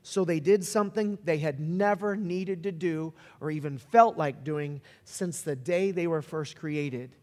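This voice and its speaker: A man preaching a sermon as a pastor, telling stories and shifting from slow, quiet stretches to loud, excited peaks. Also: on the high side, long reverb tail. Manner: storytelling, varies pace, builds to shouts.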